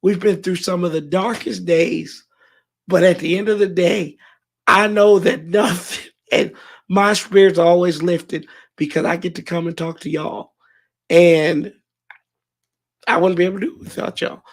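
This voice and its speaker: A man hosting a fan livestream, hoarse and emotional, thanking his viewers in a rambling, heartfelt way with many restarts. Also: sits high, flat delivery, moderate pace. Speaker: fan show host.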